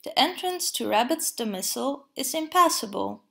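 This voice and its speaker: A woman's voice: sits high, expressive, moderate pace, vocal fry, sharp tone, exaggerated voice. A woman voicing a dignified, long-winded male owl in a read-aloud storybook, pompous and wordy.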